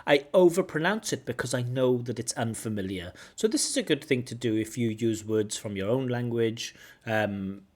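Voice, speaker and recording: A man giving commentary as a speaking examiner, explaining errors and slowly modelling the correct pronunciation of words. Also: mid-range voice, expressive, a little mellow. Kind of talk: exam feedback commentary.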